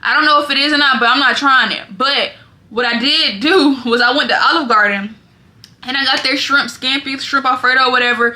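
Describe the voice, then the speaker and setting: A young woman vlogger telling stories in a lively, dramatic way, often talking straight to her viewers. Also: high voice, a little fast. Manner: animated, dramatic storytelling, often addresses viewers as y'all. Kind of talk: casual storytelling vlog.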